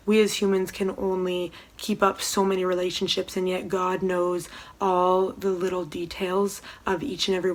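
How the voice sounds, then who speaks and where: A young woman giving a casual devotional talk from home, soft-spoken and hesitant, with many pauses and ums. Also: on the low side. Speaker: church devotional speaker. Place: room at home.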